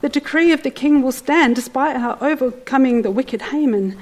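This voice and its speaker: A woman's voice: high voice, normal speed, pitched above the performer's own voice, rough recording. A woman voicing a frightened but brave young queen, speaking in an earnest, pleading way. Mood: anxious.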